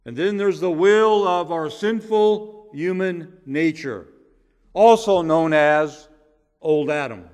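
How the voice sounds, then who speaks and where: A man preaching a sermon as pastor, measured and emphatic, leaning hard on repeated words. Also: on the high side, a little mellow, in a large hall. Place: church sanctuary.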